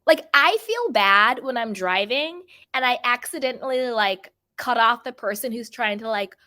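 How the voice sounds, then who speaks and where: A woman talks straight to her viewers about reality TV drama in a chatty, emphatic way. She often repeats a phrase to hammer a point home. Her voice is bright and forward. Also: on the high side, animated, moderate pace. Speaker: host of a pop culture channel. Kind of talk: reality TV gossip commentary.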